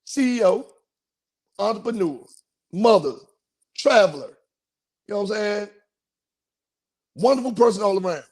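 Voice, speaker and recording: High-voiced man telling a slangy story. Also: measured pace, pauses often, slightly rough. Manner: animated, slangy, acts out quotes in a raised voice. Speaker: podcast host. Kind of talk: casual storytelling.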